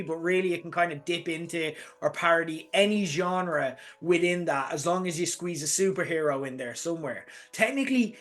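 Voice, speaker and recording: A man hosts a heated opinion segment, his voice sitting a little on the high side. He sounds exasperated and emphatic and drops the odd swear word to make his point. Quiet lo-fi music plays faintly underneath. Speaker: host. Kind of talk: opinion rant. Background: faint lo-fi background music.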